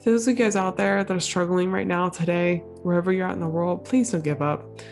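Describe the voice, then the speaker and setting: A woman's voice: on the low side, steady tone, fairly quick, gravelly, a little mellow, faint music behind. A woman hosting her own podcast, talking casually and encouragingly with many fillers while sick and a little out of breath. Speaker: podcast host. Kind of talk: solo podcast monologue.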